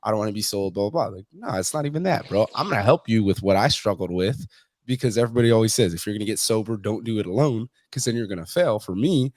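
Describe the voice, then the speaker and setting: A man's voice: on the low side, expressive, fast talker, darkish tone, no echo, clean studio sound. A man talking as a fitness coach in a casual interview, blunt and profane, telling stories with quoted exchanges. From Mexican heritage.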